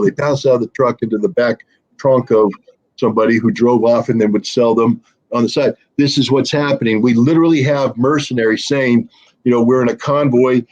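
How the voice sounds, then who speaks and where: A man's voice: medium pitch, a little mellow, dull audio. A man speaking as a guest commentator in an interview, blunt and sarcastic, with frequent fillers and restarts.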